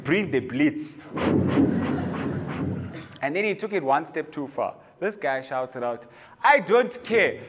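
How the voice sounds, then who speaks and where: A South African man doing stand-up, his voice riding high and swinging widely as he spins stories with mock outrage. It rings out in a reverberant hall, with a faint murmur of room ambience underneath. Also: slow pace, pauses often, background noise. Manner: animated, storytelling, mock outrage. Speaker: stand-up comedian. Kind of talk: stand-up comedy. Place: comedy venue, indoors.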